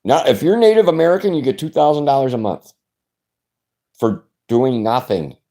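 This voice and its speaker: A man's voice: mid-range voice, animated, moderate pace, warm tone. A man hosting his own channel, chatting casually in a rambling, laid-back way with frequent restarts. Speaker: channel host. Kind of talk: casual chat.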